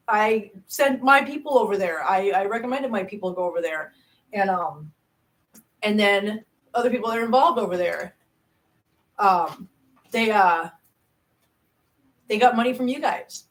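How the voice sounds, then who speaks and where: A woman's voice: fairly high pitch, fairly bright tone. Chatty woman live-streaming to viewers. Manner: chatty, rambling, frequent restarts and self-laughs; reads viewer chat aloud. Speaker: YouTube cat channel host. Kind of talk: casual live stream chat.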